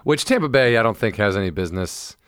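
A man co-hosting a casual podcast, rambling excitedly about sports and now and then bursting into loud impressions. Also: fairly low pitch, quick pace, smooth, dry recording, clean studio sound. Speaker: podcast co-host. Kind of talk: casual chat.

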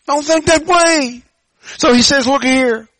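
A male pastor preaches to his church in a high-pitched voice. He leaps up into loud calls, then drops to near-quiet asides, often stumbling over repeated words. The sound is dry and close. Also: a little slow, dry recording. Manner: preaching with sudden loud rises and soft drops; stammering restarts. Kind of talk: sermon.

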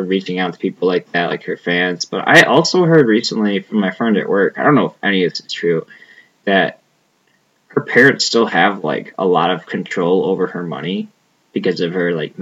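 A young man with a somewhat low, slightly bright voice and a breathy edge rambles through a casual podcast chat, and the audio is dull. He swears freely, leans on "like" and other fillers, and often trails off mid-thought.

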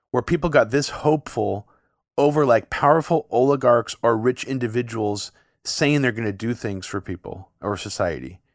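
A man co-hosting a casual political podcast, holding forth in long run-on sentences with a sarcastic bite. His voice sits at an ordinary middle pitch and is recorded close and dry, with no room sound. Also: gravelly, no echo. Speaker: podcast co-host.

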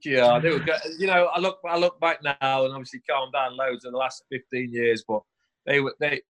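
A man's voice: medium pitch, fairly even intonation, brisk, fairly bright tone. A man, a former footballer telling stories in casual chat on a podcast and laughing often. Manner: boisterous storyteller, laughing often.

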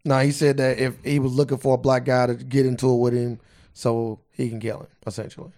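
A man's voice: mid-range voice, flat delivery, brisk, warm tone. A young man co-hosting a podcast in casual chat, sarcastic and needling, mock-indignant. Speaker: podcast co-host.

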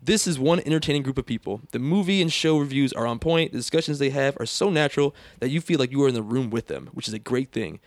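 A man's voice: medium pitch, animated, fast talker, few pauses, no room sound. A man hosting a podcast, reading listener reviews and chatting casually with frequent laughter. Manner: laughs often, reads listener reviews aloud. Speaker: podcast host.

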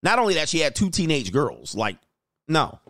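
Brief: middle-aged man, blunt dating coach, animated storyteller, dry close sound. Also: fairly high pitch, moderate pace, dry recording. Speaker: dating coach reacting to clips. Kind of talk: casual commentary.

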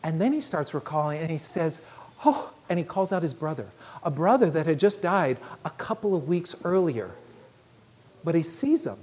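A woman preaching a sermon, telling a story in an earnest, measured way and slowing down on key phrases. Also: deep voice, animated, dark tone, breathy edge.

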